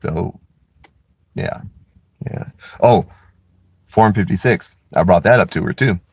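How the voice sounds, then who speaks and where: A man's voice: deep voice, slow, darkish tone, husky, dry recording. A man in a casual, rambling monologue, blunt and profane, with lots of restarts as he talks.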